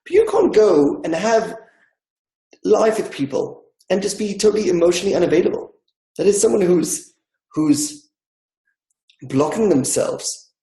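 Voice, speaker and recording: A man's voice: sits high, big pitch swings, measured pace, long pauses, dark tone, roomy sound, poor audio. A man teaching a discussion class, explaining with everyday examples and acting out inner dialogue.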